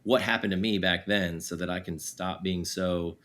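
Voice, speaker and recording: A man's voice: low voice, fairly even intonation, moderate pace, a bit bright. A man in his forties, a podcast guest talking candidly and self-deprecatingly about his parenting, laughing easily and using a lot of fillers. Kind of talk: casual candid conversation.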